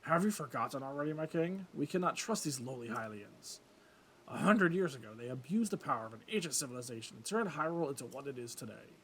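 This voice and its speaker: A croaky, stern old fish-folk advisor scolds in an indignant voice, as a man puts him on for a let's play. His pitch sits in the middle, and faint hiss lies behind it. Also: lively intonation, fast talker, fairly bright tone, low-quality recording. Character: stern, elderly male fish-folk royal advisor, distrustful.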